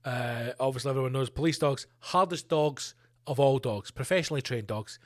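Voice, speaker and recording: A man's voice: medium pitch, a little fast. A middle-aged man hosting a solo podcast, ranting in a sweary, sarcastic way. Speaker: podcast host.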